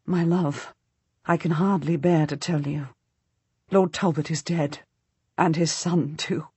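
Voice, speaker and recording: A woman narrator voicing a grief-stricken nobleman in an audiobook, low and grave. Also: steady tone, slow, dark tone, breathy edge, no room sound, full character voice.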